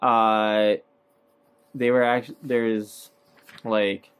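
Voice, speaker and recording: A man's voice: fairly low pitch, flat delivery, drawn-out words, a bit bright, clean tone. Rambling man recapping a movie. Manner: rambling, filler-heavy, laughs at own points. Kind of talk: casual movie breakdown.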